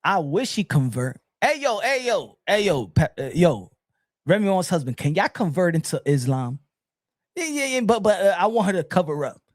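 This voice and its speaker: A New man rants in a shouty, taunting comedic voice, pitched strikingly high and swinging up and down constantly. His profane jabs land close and dry, with no room sound around them. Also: sing-song, normal speed, no room sound. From New York City. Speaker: online commentator. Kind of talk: mocking comedic rant.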